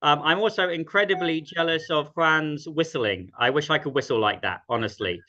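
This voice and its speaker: A man's voice: on the high side, moderate pace, sharp tone. Guy hosting a zoom singalong, friendly rambling, lots of ums, dull muffled call audio. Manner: chatty and self-deprecating, many ums. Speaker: host. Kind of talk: casual online sing-along welcome. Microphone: video call.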